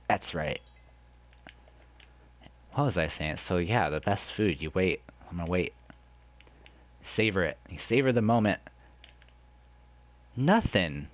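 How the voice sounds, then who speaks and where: A man hosting a let's play, chatting to viewers in a rambling way and exclaiming loudly when something surprises him. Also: low-pitched, expressive, takes it slowly, long pauses, dry recording. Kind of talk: gameplay commentary.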